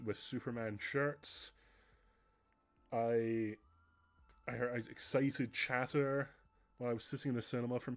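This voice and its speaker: A man chatting earnestly on a stream, rambling with frequent restarts. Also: medium pitch.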